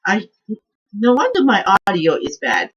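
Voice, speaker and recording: A woman hosting a casual cooking vlog from her home kitchen, quiet and soft-spoken, chatting in a rambling way and trailing off as she cooks. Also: mid-range voice, huge pitch swings, a little slow, husky, lo-fi sound. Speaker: cooking channel host.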